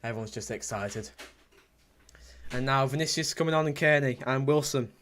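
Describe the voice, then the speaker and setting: A man's voice: medium pitch, normal speed, slight background noise. A young man commentating live on a football match for his stream, reading out chat messages and repeating himself as he talks. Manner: excitable, repetitive, bursts into shouts at big moments. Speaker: fan livestream commentator.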